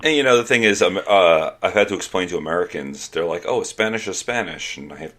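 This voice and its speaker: A man's voice: deep voice, lively intonation, fast talker, fairly bright tone. A man with a New York accent who explains his points with examples and the odd joke in a casual chat.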